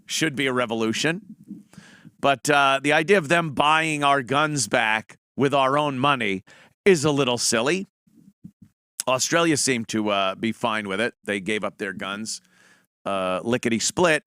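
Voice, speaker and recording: A man's voice: mid-range voice, unhurried, bright, forceful tone, clean tone, no room sound, clean studio sound. A middle-aged man hosting a show, giving a blunt, profane, mocking opinion monologue in casual talk. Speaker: podcast host.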